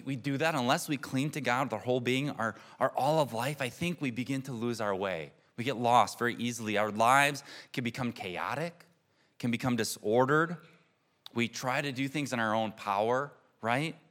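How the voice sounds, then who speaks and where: Man, thirties, sermon, earnest, reflective, soft laughs, mid-pitched voice. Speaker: pastor.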